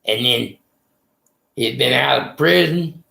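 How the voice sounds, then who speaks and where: A man tells his story in a rough, deeply gravelly voice, wandering from point to point and swearing freely. His voice sits in a middling register. The recording carries a noticeable room echo. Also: takes it slowly, pushed and bright. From Texas. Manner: rambling, profane storytelling. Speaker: storyteller recounting prison time.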